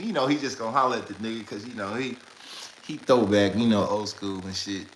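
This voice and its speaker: A man casually retelling street stories, animated and laughing, in heavy slang. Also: medium pitch, a little fast, slight background noise. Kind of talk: casual storytelling. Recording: echoey room with faint ambience.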